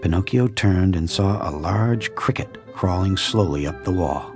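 A man narrating a classic children's story in a measured, expressive way. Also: low-pitched, music in the background. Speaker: audiobook narrator.

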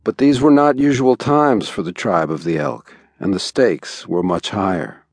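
A man narrating an audiobook in an even, understated way, recorded in a studio. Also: on the low side, measured pace, dry recording. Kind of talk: scripted narration.

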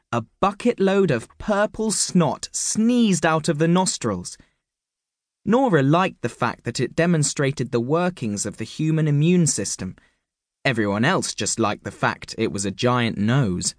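Male storyteller, fairly high and very lively, unhurried, dry close studio sound. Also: dry recording. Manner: animated storytelling, playful emphasis. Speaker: audiobook narrator. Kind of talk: scripted narration of a children's book. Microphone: close studio mic.

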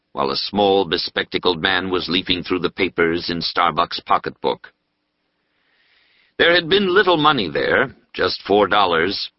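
A man narrating a historical novel in a measured storytelling voice. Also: deep voice, dry recording. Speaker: audiobook narrator. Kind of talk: scripted narration. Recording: slightly muffled dry studio audio.

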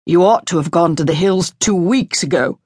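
A woman's voice: fairly low pitch, moderate pace, a little mellow, husky, dry recording, clean studio sound. A woman voicing a very young male army officer in an audiobook, speaking in a trembling, anxious voice. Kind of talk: audiobook character reading.

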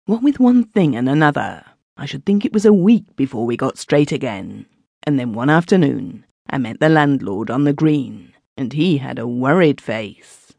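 A woman's voice: rumbling low, lively intonation, moderate pace, gravelly, dark tone, husky, no room sound. A woman narrating a classic story in the first person as a villager, recorded on a close studio mic. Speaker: audiobook narrator.

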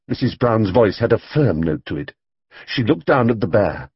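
Husky man narrating an audiobook. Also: mid-range voice, normal speed, no echo. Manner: expressive storytelling. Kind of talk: scripted narration. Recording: dull, dry studio audiobook read.

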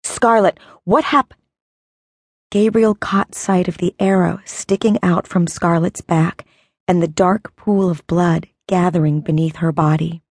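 A woman's voice: on the low side, fairly even intonation, measured pace, darkish tone, no room sound. A hot-tempered young man from a teen fantasy audiobook, crying out and snapping questions in a raised voice, as a woman narrator puts him on. The delivery stays dry and close. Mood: frantic.

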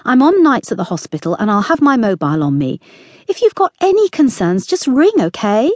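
A woman's voice: fairly high pitch, very animated, brisk, a little mellow, no echo, studio quality, pitched above the performer's own voice. A woman voicing a cheerful, caring young woman who works nights at a hospital, talking eagerly and reassuringly.

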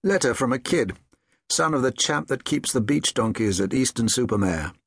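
A man voicing the brisk manager of a home for old horses. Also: medium pitch, expressive, fairly bright tone, husky, no room sound, studio quality.

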